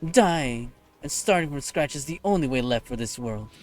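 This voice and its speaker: A man's voice: medium pitch, expressive, moderate pace, soft background music, close to an everyday voice. A man voicing a scornful, vengeful young female warrior, reading game dialogue aloud with raging threats. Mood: wrathful. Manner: raging, contemptuous, shouting threats.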